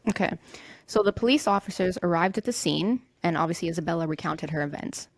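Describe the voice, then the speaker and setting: Young woman host, gravelly low-ish voice, casual storytelling, dry close sound. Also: fast talker, no echo. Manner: conversational, loose, swears casually. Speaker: podcast host. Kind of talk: casual true-crime storytelling.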